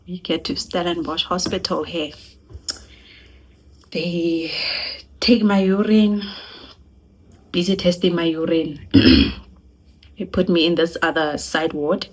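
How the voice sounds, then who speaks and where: A young woman with a South African accent tells a personal story to camera in an animated, laughing way. Her voice sits a little low and has a slightly husky edge. She slips between languages as she talks. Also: normal speed, long pauses. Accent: South African (Sesotho-speaking). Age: young adult. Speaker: vlogger. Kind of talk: casual storytime.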